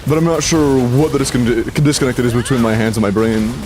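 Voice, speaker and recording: A man's voice: medium pitch, a little fast, music in the background. A young man livestreaming a video game, talking to himself and chat, frustrated and swearing as he practices a combo. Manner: frustrated, swearing, self-talk. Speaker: streamer. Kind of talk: live game stream commentary.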